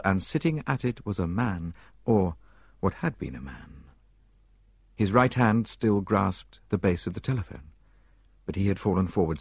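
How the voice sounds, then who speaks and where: A man reads an audiobook in a measured, expressive manner. His low voice moves lively up and down, with a husky edge, in a dry, close recording. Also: no echo. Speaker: narrator. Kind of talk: audiobook narration.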